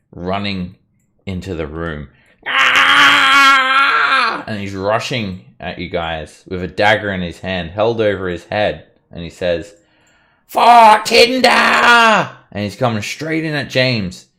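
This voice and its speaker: A man narrating a tabletop game as dungeon master, telling the scene in a relaxed, lively way. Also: deep voice, unhurried. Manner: relaxed, lively storytelling with fillers.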